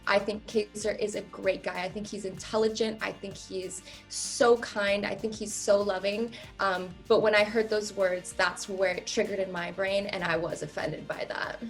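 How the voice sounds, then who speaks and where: A woman in her thirties speaks candidly in an interview, her voice sitting at an ordinary middle pitch. She leans hard on key words and fills her pauses with "um," and she is close to tears at times. Faint music plays softly underneath. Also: little pitch movement. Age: 30s. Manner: candid, emphatic, many "um" fillers. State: emotional, near tears. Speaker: reality show contestant. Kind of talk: interview answers.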